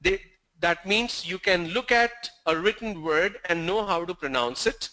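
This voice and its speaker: A man teaching English pronunciation in an online class, speaking in a measured way, asking the class questions and repeating key points. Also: sits high, pushed and bright, poor audio.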